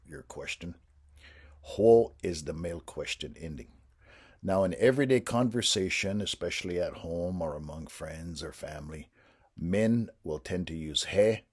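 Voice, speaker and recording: A man patiently explaining a language lesson to teachers in a measured, instructional way. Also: sits low, husky.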